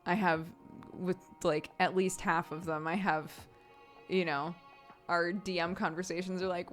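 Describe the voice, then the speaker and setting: A woman streaming, chatting casually, laughing often and getting animated when she retells stories. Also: fairly low pitch, measured pace, faint music behind. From United States. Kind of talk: casual livestream chat.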